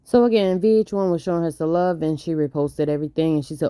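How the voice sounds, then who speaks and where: A woman's voice: low voice, fast, dark tone, clear, resonant tone, no room sound, clean studio sound. A woman hosting a gossip vlog, recapping news and reading comments in a laid-back, chatty way.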